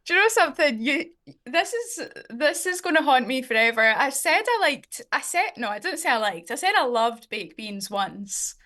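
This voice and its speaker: Woman, singer guest, playful, chatty, higher voice. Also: very animated, normal speed, bright, forceful tone. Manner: chatty, playful, laughs easily. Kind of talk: casual interview chat.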